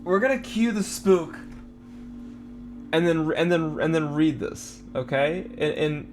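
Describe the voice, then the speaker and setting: A man's voice: a little high, measured pace, soft background music. A man on a podcast livestream talking casually and profanely, stumbling and restarting mid-sentence. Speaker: podcast co-host.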